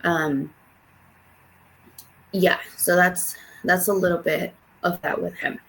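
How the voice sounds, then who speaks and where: Young woman, lowish voice, casual podcast chat, rambling, lots of fillers and restarts. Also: level tone, slow pace, gravelly, fairly bright tone, a little hiss or hum. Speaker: podcast co-host.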